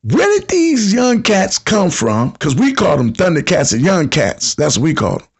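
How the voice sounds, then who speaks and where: Guy in his 50s running a call-in podcast, kinda high voice, slangy, acts out everybody he's quoting. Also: wildly swooping pitch, normal speed, husky. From United States. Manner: storytelling slang-heavy, acts out quotes. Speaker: podcast host. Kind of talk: casual call-in podcast talk.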